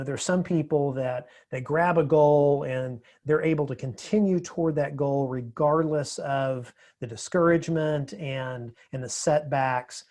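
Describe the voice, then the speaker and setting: A man's voice: mid-range voice, darkish tone. Reflective man talking as a podcast guest. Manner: reflective, measured, with frequent restarts. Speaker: podcast guest, public speaker. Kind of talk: casual interview conversation.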